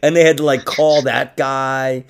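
A man's voice: mid-range voice, unhurried, smooth. A man hosting a podcast in loose, casual chat, swearing freely and getting worked up about sports. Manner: loose, swearing, excitable, laughs often. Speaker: podcast host.

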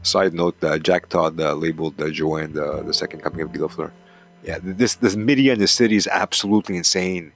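A man's voice: sits low, fairly quick, soft background music. A man hosting a hockey talk show, ranting in a profane, heated, rambling way. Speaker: hockey podcast host. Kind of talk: casual rant, reading a column aloud.

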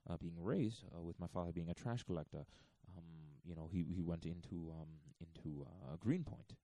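A man voicing a stiff, deadpan West German man in a put-on West German accent, halting and full of fillers. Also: low-pitched, no room sound. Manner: halting, slow, many fillers.

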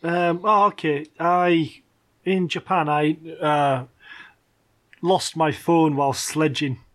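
A middle-aged man telling casual anecdotes, his fairly high voice full of fillers and small hesitations. He chuckles through the stories. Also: fairly even intonation, takes it slowly.

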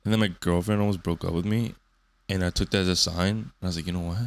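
A Canadian man in his early twenties, a streamer and podcast host, rambles through an off-the-cuff monologue, swearing freely, joking, and filling it with fillers. He trips over words and restarts sentences, talking fast with fairly even intonation. His voice sits a little low, with vocal fry.

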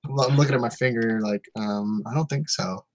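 A man's voice: mid-range voice, fairly quick, noisy background. A man co-hosting a casual podcast from home, rambling through stories with restarts and laughs. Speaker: podcast co-host. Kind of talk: casual chat.

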